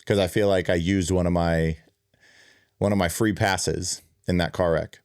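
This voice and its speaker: A man's voice: low-pitched, steady tone, normal speed, darkish tone, no room sound, studio quality. A man hosting his own show, earnestly telling a personal story in a reflective way, with frequent fillers and restarts. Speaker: podcast host and keynote speaker.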